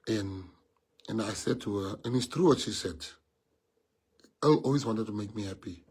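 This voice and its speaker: A man's voice: lowish voice, moderate pace, long pauses, a little mellow, slightly rough. A man with a South African accent, a party leader giving a heartfelt speech to his members, earnest and repeating key phrases for emphasis.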